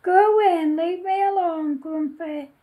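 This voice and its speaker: A woman's voice: very high voice, unhurried, narrow, tinny audio. A woman voicing a cold, dismissive schoolgirl who answers curtly. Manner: curt, refusing.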